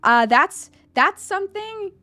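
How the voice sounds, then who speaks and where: Streaming live as a VTuber, a young woman talks slowly and casually with her chat as she answers a quiz about herself, with no echo. She is animated and now and then bursts into loud, high-pitched squeals.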